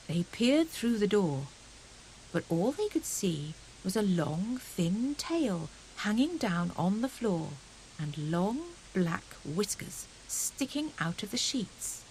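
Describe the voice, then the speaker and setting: A woman narrating a children's storybook audiobook in a gentle, expressive storytelling manner. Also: medium pitch, slow, slight background noise, poor audio.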